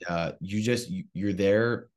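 A man's voice: fairly low pitch, takes it slowly. A young man from South Jersey telling a rambling, profane story in casual chat. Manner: swearing freely, animated storytelling. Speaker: comedian guest.

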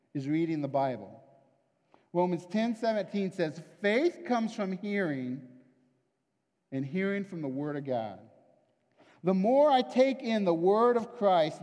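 A man with a high-pitched, slightly mellow voice preaches a sermon in a conversational, confessional style, frequently checking in with his listeners. A long hall reverb trails his words.

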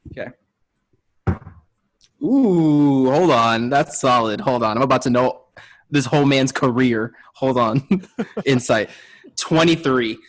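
A man's voice: mid-range voice, slow, long pauses. Laid-back joking player man. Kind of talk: casual tabletop play.

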